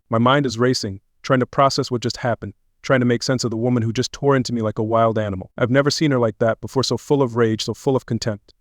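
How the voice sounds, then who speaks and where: Quick, tense male story narrator. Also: medium pitch, no echo, studio quality. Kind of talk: first-person dramatic audio story narration.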